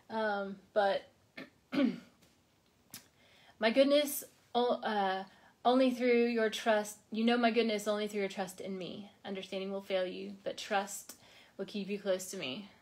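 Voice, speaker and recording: Soft-spoken woman hosting a worship livestream. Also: medium pitch. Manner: soft-spoken, drops to whispers on phrase ends; chatty, reads viewer comments aloud. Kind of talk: devotional reading and casual chat. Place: home livestream.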